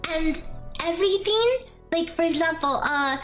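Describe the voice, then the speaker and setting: A woman with a high, bright voice talks slowly through a game calculator on a casual live stream. She rambles in a chatty way, tossing in playful asides. Soft background music plays under her. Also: lively intonation, poor audio. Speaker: streamer explaining a damage calculator. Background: faint background music.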